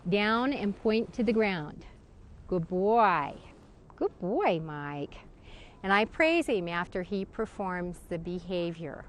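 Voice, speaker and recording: Casual woman dog trainer explaining commands. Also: medium pitch. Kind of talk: spoken instruction with demonstration.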